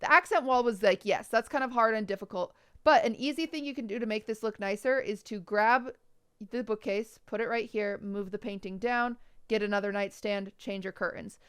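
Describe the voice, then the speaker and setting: A woman's voice: fairly high pitch, smooth. Blunt, teasing woman streamer. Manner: blunt, teasing, nitpicky advice. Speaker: streamer reviewing viewers' bedrooms. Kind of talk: casual livestream critique.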